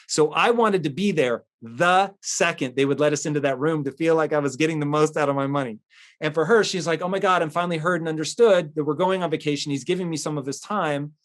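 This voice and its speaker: A man hosting a motivational talk, speaking emphatically in a conversational, storytelling way. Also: fairly high pitch. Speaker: host.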